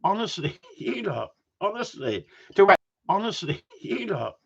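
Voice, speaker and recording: A middle-aged man with a husky voice, chatting bluntly on a live stream with sweary, self-mocking banter. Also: high-pitched, sing-song, unhurried, a bit bright. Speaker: dog trainer livestreaming. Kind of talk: casual live-stream chat. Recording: dull lo-fi livestream audio.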